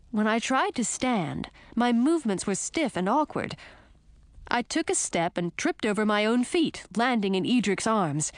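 A woman narrating a storybook in the first person with an expressive reading. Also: a little high, measured pace, no echo. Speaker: audiobook narrator.

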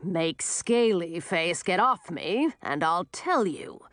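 A woman's voice: fairly low pitch, animated, a bit bright, no echo, clean studio sound. A woman voicing a nasty, sneering old male wizard in a storybook reading. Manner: sneering, drawn-out.

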